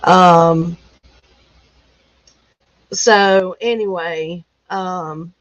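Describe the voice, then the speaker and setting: A woman's voice: on the low side, steady tone, very slow, dry recording, muffled recording. A woman hosting a casual livestream, reading news headlines aloud with lots of laughter and folksy exclamations. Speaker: livestream host. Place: rural home.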